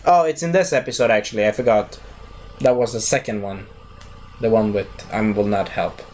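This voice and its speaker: A man's voice: mid-range voice, lively intonation, fairly quick, a little mellow, a little hiss or hum. A young man reviewing a cartoon series in a loose, chatty, digressive way. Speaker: video reviewer. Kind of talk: casual rambling review.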